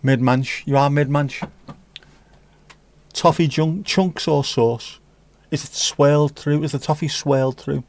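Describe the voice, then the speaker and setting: A man's voice: on the high side, steady tone, a little slow. A man hosting a livestream, chatting casually and teasing as he reads out viewer comments with sweary banter. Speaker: livestream host.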